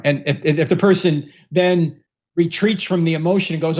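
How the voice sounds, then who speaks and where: A man's voice: a little high, normal speed, lo-fi sound. Joking man hosting a call-in Q&A. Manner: relaxed, joking, repeats words. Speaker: host. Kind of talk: casual livestream Q&A.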